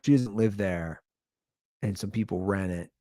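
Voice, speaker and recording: A man's voice: fairly low pitch, a little slow, warm tone, no room sound, clean studio sound. A man hosting a podcast, telling a comic story in a rambling, loose, casually profane way. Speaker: podcast host. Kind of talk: casual comedic storytelling rant.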